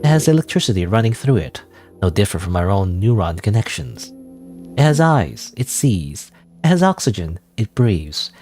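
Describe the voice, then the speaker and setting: A man voicing a secretive, moody teenage girl obsessed with the occult, in a nasal, slightly breathy voice. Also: fairly low pitch, very animated, normal speed, dark tone, faint music behind. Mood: cryptic.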